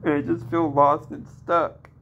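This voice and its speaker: A man in his twenties venting in a downcast, distressed personal vlog, talking haltingly with many restarts. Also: on the high side, level tone, vocal fry, fairly bright tone, lo-fi sound, slight background noise. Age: 20s. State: emotionally distressed. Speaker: vlogger.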